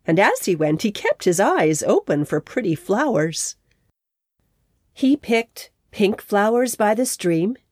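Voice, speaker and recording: A woman narrating a children's story in a gentle, measured way. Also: mid-range voice, very animated, breathy edge, dry recording, studio quality.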